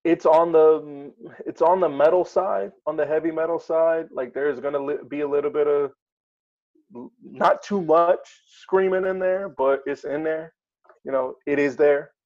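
A man's voice: on the high side, steady tone, unhurried, a little mellow, highs cut off. A man co-hosting a casual chat, talking hesitantly with many ums and uhs. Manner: hesitant, many fillers while reading lists. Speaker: podcast co-host.

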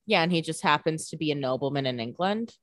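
A woman's voice: deep voice, lively intonation, quick pace, dry recording. A woman co-hosting a casual podcast, making wry, joking comments and swearing casually. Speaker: podcast co-host. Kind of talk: casual chat.

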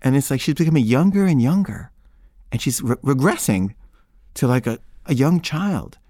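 Lively, rambling male storyteller. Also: mid-range voice, normal speed, dry recording, clean studio sound. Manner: rambling and conversational, with frequent filler words. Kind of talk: casual first-person storytelling.

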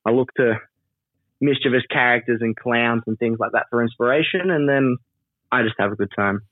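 A chatty man talks in a loose, rambling way, laughing often and leaning on fillers. His voice comes over a thin, tinny phone-like line with no room sound at all. He sits at a middle pitch for a man. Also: normal speed, no room sound. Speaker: wrestler and trainer, interview guest. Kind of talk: casual interview over a call.

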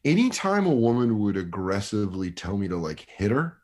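A man's voice: lowish voice, fairly quick. A young man, a comedian guest, telling stories casually on a podcast and acting out the quotes. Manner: animated storyteller acting out quotes.

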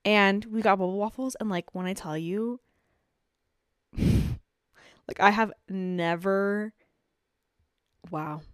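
A woman's voice: medium pitch, slow pace, long pauses, clean tone, no echo. Woman, co-host, gushing casual chatter, dry close sound. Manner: excitable, repeats herself, lots of "like" and "literally". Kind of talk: casual chat between friends.

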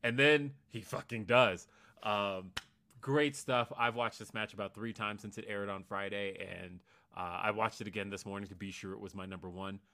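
A man's voice: on the low side, steady tone, moderate pace, bright, forceful tone. A young man chatting casually on a podcast, rambling and enthusiastic, with frequent fillers. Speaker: co-host. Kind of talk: casual wrestling podcast chat.

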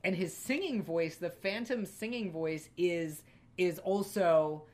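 A woman's voice: fairly low pitch, slow pace, a little mellow. A woman co-hosting a casual film review podcast, talking thoughtfully with many fillers and restarts. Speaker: podcast co-host.

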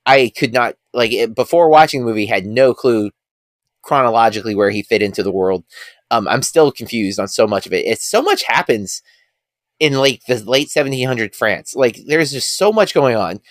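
A man's voice: medium pitch, animated, normal speed, dry recording. Chatty man, dry close mic. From United States. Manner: chatty, rambling, with restarts. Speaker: podcast co-host. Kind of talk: casual podcast chat.

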